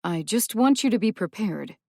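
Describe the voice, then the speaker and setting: A woman's voice: mid-range voice, animated, moderate pace, gravelly, darkish tone, dry recording, studio quality, pitched above the performer's own voice. A woman playing a stern, lecturing woman. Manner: firm, lecturing. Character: stern, practical adult woman guardian. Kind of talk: audiobook character voice.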